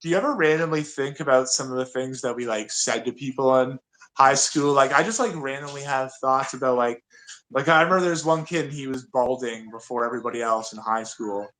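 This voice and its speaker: A man's voice: mid-range voice, fairly quick, a bit bright, poor audio. A man in his twenties co-hosting a podcast, rambling through stories with lots of "like" and a joking edge. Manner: rambling, lots of likes, jokey. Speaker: podcast co-host. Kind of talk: casual chat.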